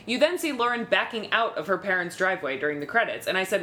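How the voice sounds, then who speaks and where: A woman's voice: mid-range voice, lively intonation, brisk, pushed and bright, a little hiss or hum. A woman co-hosting a podcast, recapping a reality show from her notes in a sarcastic, casual way and swearing now and then. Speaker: podcast co-host.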